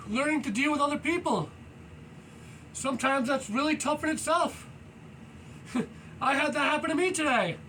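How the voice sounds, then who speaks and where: A man talking casually and loudly while stretching at home, energetic and rambling, with many "you know"s as he moves around. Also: very high voice, normal speed, long pauses. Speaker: fitness vlogger. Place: indoors at home, low ceiling. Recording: voice far from the mic with faint noise.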